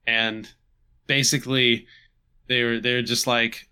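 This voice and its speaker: A man casually recapping a tabletop game session, halting and restarting with chuckles. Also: medium pitch, little pitch movement, bright, forceful tone, smooth. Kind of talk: casual chat.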